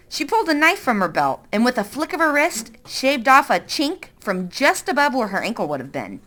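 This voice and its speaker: Expressive woman reading a novel aloud. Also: mid-range voice. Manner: expressive, self-correcting. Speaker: reader.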